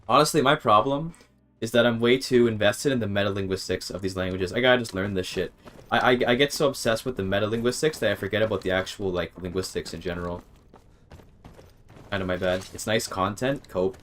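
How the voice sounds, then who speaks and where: A man's voice: fairly low pitch, fairly quick, fairly bright tone, slight background noise. A man streaming a game, rambling and thinking aloud, often interrupting himself and swearing casually. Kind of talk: casual gaming stream chat.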